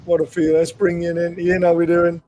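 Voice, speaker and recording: A man hosting a casual online fan show, hoarse and excitable, laughing as he talks. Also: fairly high pitch, fairly quick, slight background noise. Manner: excitable, laughing, hung over. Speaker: host. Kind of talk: casual chat.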